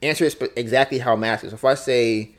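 A man's voice: medium pitch, steady tone, fast. A man hosting a podcast alone, talking through his thoughts in a casual, reflective way, often repeating himself and acting out both sides of an argument. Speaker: podcast host. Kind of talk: solo casual monologue.

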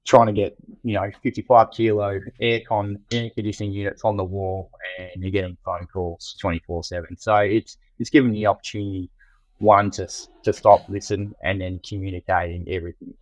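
A man's voice: lowish voice, flat delivery, brisk, no room sound, poor audio. An Australian man, the general manager of a trade business, chatting casually on a podcast with lots of fillers and restarts. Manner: loose and conversational, many fillers and restarts.

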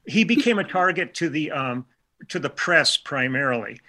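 Bright-voiced older man telling stories. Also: on the high side, expressive, moderate pace. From Milwaukee. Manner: chatty, anecdotal, with many restarts and quoted dialogue. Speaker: interview guest, session musician. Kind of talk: casual storytelling interview.

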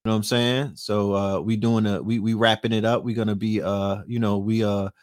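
A man's voice: on the low side, little pitch movement, fairly quick, no room sound, clean studio sound. A man hosting a late-night livestream, brash and profane, constantly asking his viewers rhetorical questions. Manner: profane, brash trash talk; frequent rhetorical asides to viewers. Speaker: livestream host.

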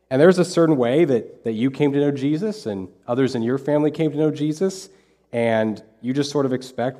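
A man's voice: medium pitch, moderate pace, dark tone. A man preaching a sermon as pastor, talking in a conversational way and repeating phrases for emphasis. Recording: long hall reverb.

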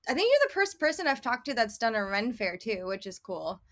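Casual female podcast host, higher pitch, loose and giggly delivery. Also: sing-song, a little fast, fairly bright tone. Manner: giggly, loose, lots of fillers. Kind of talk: casual interview chat.

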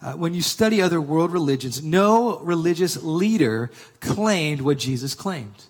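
A male pastor preaching a sermon, reading scripture slowly and building emphasis on his main points. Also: on the high side, animated, in a large hall. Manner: emphatic preaching, slowing for scripture and rising on key claims.

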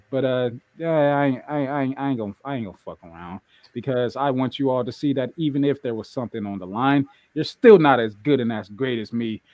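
A man's voice: mid-range voice, no room sound, dull audio. A man co-hosting a casual wrestling podcast, bragging and trash-talking with lots of swearing and laughter. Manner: boastful, profane, laughing trash talk. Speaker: podcast co-host.

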